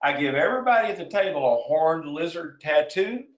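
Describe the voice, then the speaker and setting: A man giving a sales webinar in an energetic, excitable way, getting wound up and then reining himself in. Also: fairly high pitch, a little fast, echoey room, low-quality recording. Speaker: sales trainer hosting a webinar.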